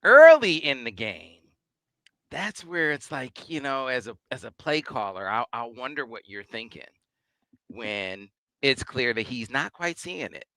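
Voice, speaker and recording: Bright, crisp male podcast host. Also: medium pitch, very animated, unhurried, no echo. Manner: conversational, leading questions, short agreements. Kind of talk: interview questions.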